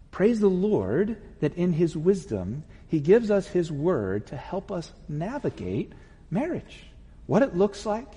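A man preaching a sermon as pastor, telling a personal story in an animated way and acting out the voices in it. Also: on the high side, breathy edge, in a large hall.

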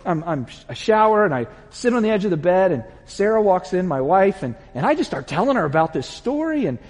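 A husky-voiced man preaching from the pulpit, his voice lively and somewhat high for a man, swinging up and down as he tells a personal story. He slips in and out of the voices of people in it. The sound carries a long reverb from a large church hall. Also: fairly quick. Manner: animated, acts out voices while telling a story. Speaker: pastor. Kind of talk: sermon with storytelling.

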